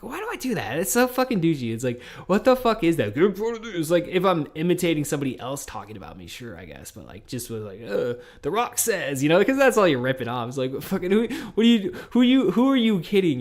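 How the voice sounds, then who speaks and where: A podcast host in his early thirties, rambling casually and swearing a lot in a loose, animated monologue. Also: mid-range voice. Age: 30s. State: tired and a little high.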